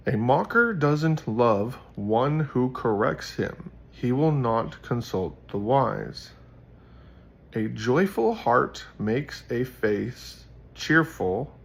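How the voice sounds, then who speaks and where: A man voicing a wise old fantasy wizard, reciting in a slow, solemn, drawn-out way. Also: medium pitch, expressive, creaky, husky, exaggerated voice. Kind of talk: reading scripture aloud in character.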